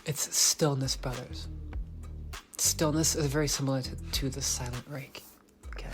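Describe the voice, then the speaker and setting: A man's voice: medium pitch, steady tone, normal speed, fairly bright tone, faint music behind. A man hosting a motivational podcast alone, talking intensely, repeating key lines, swearing and sometimes dropping almost to a whisper. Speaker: podcast host.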